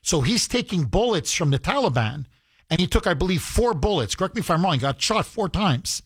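A man's voice: high voice, sing-song, a little fast, slightly rough, no room sound, clean studio sound. A man delivering heated political commentary to his audience, emphatic and repeating phrases for effect.

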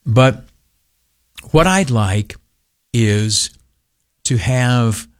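A man's voice: mid-range voice, animated, very slow, no room sound, clean studio sound. A middle-aged man hosting a grumpy political monologue, ranting with stammered restarts and many fillers. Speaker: commentary host.

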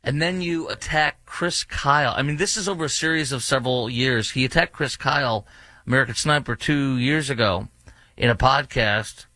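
A man's voice: mid-range voice, moderate pace, sharp tone, no room sound. A man hosting a talk radio show, ranting indignantly with sarcastic asides. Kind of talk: opinionated radio commentary.

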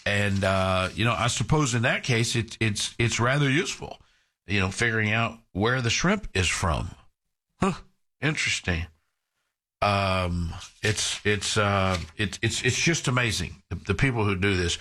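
A man hosting a casual radio chat, talking in halting restarts and telling dry corny puns. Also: lowish voice, lively intonation, pushed and bright.

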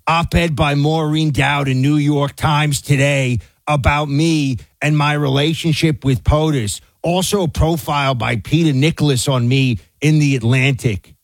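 A male talk radio co-host delivers heated political commentary with a fairly high voice. His tone is indignant and at times rises to a shout. The studio sound is close and dry. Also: fairly even intonation, unhurried, few pauses, dry recording.

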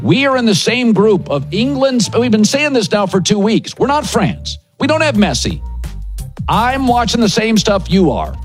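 A man's voice: high-pitched, very animated, normal speed, faint music behind. A man hosting a sports talk show, riffing in short, punchy, emphatic phrases and strong opinions.

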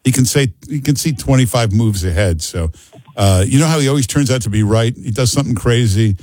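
A man's voice: medium pitch, fairly quick, darkish tone, dry recording. A man hosting a call-in radio talk show, emphatic and joking, repeating himself for effect.

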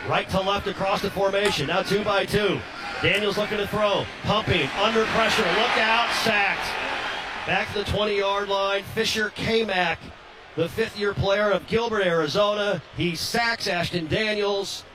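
A man with a high voice calling college football play-by-play over steady background noise. He runs quickly through formations and names, then shouts when a big play breaks. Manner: rapid, rising to shouts on big plays. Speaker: play-by-play announcer.

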